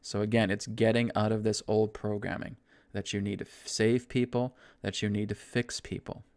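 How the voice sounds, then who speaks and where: A man teaching a spiritual self-help lesson, guiding breathing in a slow, soothing way and often checking in with "right?". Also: on the low side, flat delivery, gravelly, a little mellow. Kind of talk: guided self-help talk.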